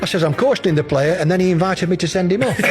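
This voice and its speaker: A man's voice: high voice, animated, a little fast. A man, a former referee, telling a sweary story and acting out both sides with chuckles. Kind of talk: anecdote telling on a podcast.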